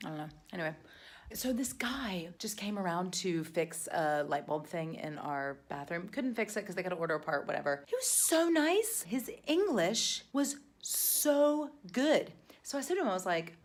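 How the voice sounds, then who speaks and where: An American woman vlogger chatting to camera in a casual, animated way, full of jokes and sassy asides. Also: on the low side, moderate pace. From United States.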